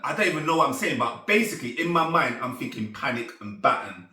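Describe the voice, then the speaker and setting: A man telling a story in a casual, animated way. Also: medium pitch, fast, few pauses. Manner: animated, excitable, laughing as he tells it. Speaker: storyteller guest. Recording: echoey room, distant mic.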